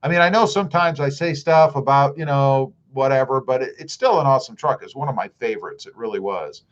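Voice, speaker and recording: A man's voice: mid-range voice, animated, brisk, highs cut off. A middle-aged man with a Southern US accent, chatting casually on a livestream and reading viewer comments aloud. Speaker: livestream host.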